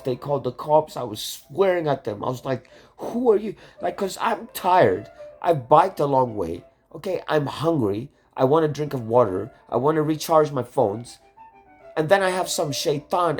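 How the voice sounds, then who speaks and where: A man hosting his own channel, ranting in an agitated, rambling way, swearing often and restarting his sentences. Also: a little high. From Canada. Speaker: YouTube channel host. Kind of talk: angry rambling vlog rant.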